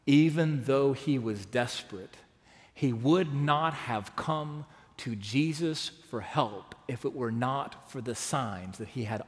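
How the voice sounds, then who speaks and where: A man from Texas preaching a sermon as pastor, earnest and full of rhetorical questions, rising to loud emphatic peaks and dropping to hushed asides. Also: medium pitch. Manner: asks the congregation rhetorical questions. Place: large church sanctuary. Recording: long reverb of a big sanctuary.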